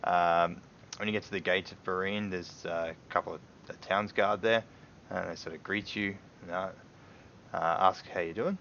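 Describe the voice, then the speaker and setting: A man with a very low voice narrates a tabletop game as its game master. He hesitates and rambles, circling back with fillers. The stream audio is dull and lo-fi. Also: steady tone, moderate pace, a bit bright, a little hiss or hum.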